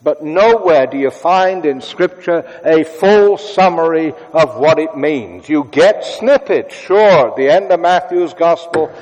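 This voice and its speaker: A man preaching a sermon in a conversational way, moving between brisk asides and hushed, prayerful tones. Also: a little high, animated, long reverb tail.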